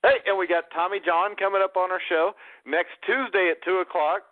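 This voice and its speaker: A man's voice: high voice, steady tone, a little fast, no room sound. A man co-hosting a sports talk podcast, rambling and playing up mock self-pity as he banters with his friends. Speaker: podcast co-host. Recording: tinny phone-like dry line.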